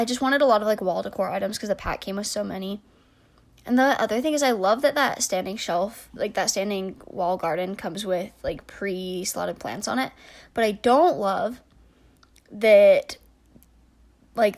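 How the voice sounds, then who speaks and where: Casting: young woman, casual rambling game commentary, mid-pitched, many fillers and muttered asides. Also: creaky. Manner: chatty, rambling, many likes and restarts, trailing soft asides. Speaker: game build YouTuber.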